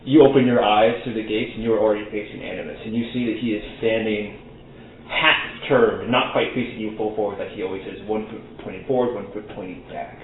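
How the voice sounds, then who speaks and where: A man's voice: on the low side, fairly even intonation, slight background noise. Man narrating a tabletop game, phone-thin. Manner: slow, hushed dramatic narration. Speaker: game master. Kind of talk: dramatic second-person game narration. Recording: echoey tinny phone-like audio with music.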